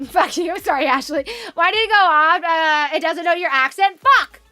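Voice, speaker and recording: A woman's voice: very high voice, moderate pace, sharp tone, soft background music. A young woman streaming from her room at home, chatting casually and rambling, with frequent swearing. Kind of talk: casual chat on a live stream.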